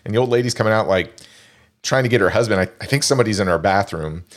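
A man casually discussing a film, animated and laughing often, with frequent restarts. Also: on the low side, quick pace.

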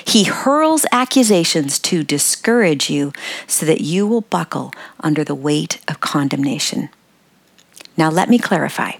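Slow, low-voiced older woman host. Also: lively intonation, gravelly, slightly rough, dry recording. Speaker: podcast host. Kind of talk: devotional podcast talk.

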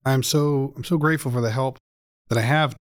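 A man's voice: mid-range voice, fairly even intonation, fairly quick, no echo, clean studio sound. A man hosting a podcast, talking earnestly and gratefully in a casual interview, with frequent fillers and restarts. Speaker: podcast host.

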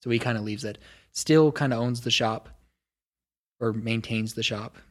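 A man's voice: medium pitch, normal speed. A man running a tabletop game as game master, narrating casually with lots of filler words.

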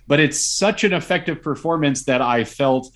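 A man's voice: on the high side, normal speed, a bit bright. A man, a guest film expert, chatting casually and offering opinions. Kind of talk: casual chat.

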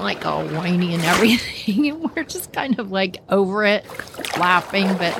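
Woman podcast host, personal storytelling, lively pitch, acts out quotes, mid voice. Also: normal speed, vocal fry, very noisy. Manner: animated, lots of acted-out quotes.

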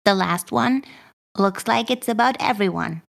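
A woman's voice: mid-range voice, unhurried, creaky. A woman playing a tabletop game, musing and thinking aloud about what she sees. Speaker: player.

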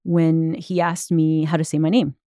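A woman's voice: deep voice, level tone, normal speed, warm tone, no room sound, studio quality. A woman in her thirties from the United States, telling a personal story in casual conversation with many fillers. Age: 30s. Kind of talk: casual chat.

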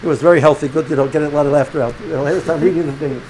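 A middle-aged rabbi with a fairly high voice races through a loose, animated religious lecture for students, often stumbling over and repeating words and sprinkling in Hebrew and Yiddish. Poor audio leaves a faint hiss under his speech.

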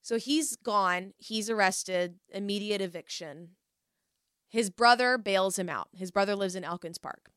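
Bright, crisp-voiced woman telling a story. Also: mid-range voice, dry recording, studio quality. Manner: animated storyteller, acts out quoted voices. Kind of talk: casual storytelling chat.

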